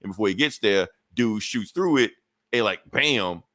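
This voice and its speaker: A man's voice: lowish voice, lively intonation, moderate pace, fairly bright tone, no room sound. A man reviewing a comic book in a casual, profane way, chuckling between points as he retells the story.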